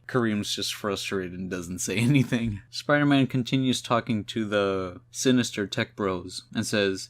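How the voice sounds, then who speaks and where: A man recapping a comic issue in a relaxed, chatty way, throwing in slang and speaking straight to his audience. His voice sits a little low for a man. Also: moderate pace, few pauses. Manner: laid-back, slangy, addresses viewers. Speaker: comic book reviewer.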